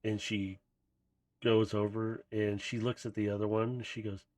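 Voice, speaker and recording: A man's voice: fairly low pitch, flat delivery, moderate pace, darkish tone. A man narrating as game master in a tabletop game, in a casual, rambling way.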